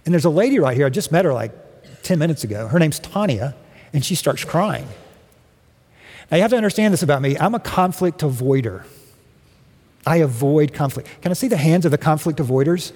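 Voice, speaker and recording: Middle-aged male preacher, fairly high voice, conversational and funny, with a long hall reverb. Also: animated, a little fast, long pauses, darkish tone. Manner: conversational storytelling with humor. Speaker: guest speaker. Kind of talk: sermon. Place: church sanctuary.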